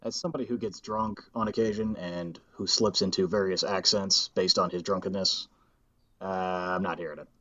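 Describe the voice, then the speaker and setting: A man's voice: low voice, steady tone, moderate pace, fairly bright tone, no room sound, lo-fi sound. A man co-hosting a casual sports podcast, joking and sarcastic. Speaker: podcast co-host.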